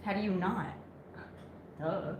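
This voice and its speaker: A woman's voice: medium pitch, takes it slowly. A playful woman co-hosting a casual podcast chat, talking in a teasing, chatty way. Her voice sits in the middle range and rings in an echoey room. A faint hiss of noise runs behind her. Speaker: co-host.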